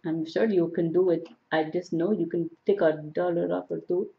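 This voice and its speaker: A persistent woman customer coaxes a seller for a discount in a wheedling tone, as a woman acts her out for a comedy sketch. The voice is low-set and a little dull, recorded on lo-fi home audio. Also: fairly even intonation, normal speed, gravelly. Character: haggling adult woman customer bargaining for lipstick.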